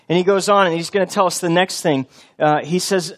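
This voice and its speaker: A man preaching a sermon in a conversational, storytelling way, acting out quotes and often getting softer or louder as he makes a point. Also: a little high, fast. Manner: conversational preaching, acts out quotes with shifts of loudness; many fillers and restarts. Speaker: pastor.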